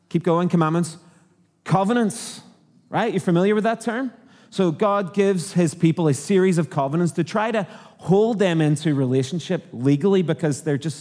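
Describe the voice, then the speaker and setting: A man's voice: a little high, darkish tone, big-room sound. A man from Northern Ireland with a Northern Irish accent, preaching a conversational sermon and asking the congregation questions. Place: church auditorium.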